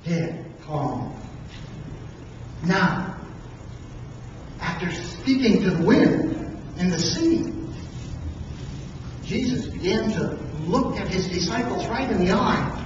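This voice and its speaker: Preacher for a slow, dramatic sermon, recorded from far back in a reverberant church hall. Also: mid-range voice, expressive, noisy background. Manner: dramatic storytelling with emphatic pauses. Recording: echoey hall from far off, dull and lo-fi.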